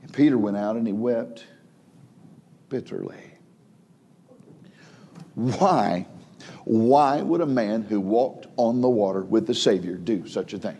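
A man preaching a sermon, swinging between emphatic raised passages and quiet hushed drops, with frequent word repeats and restarts. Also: fairly low pitch, slow, long pauses, slightly rough. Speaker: pastor.

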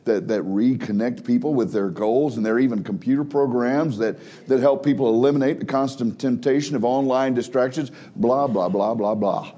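A male pastor delivering a sermon in a warm, mellow voice at a middling pitch. He climbs into emphatic, raised stretches, then sinks to soft, hushed lines. He often repeats words and restarts his phrases as he preaches. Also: highs cut off. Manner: swings between emphatic raised passages and hushed low drops; frequent word repeats and restarts.

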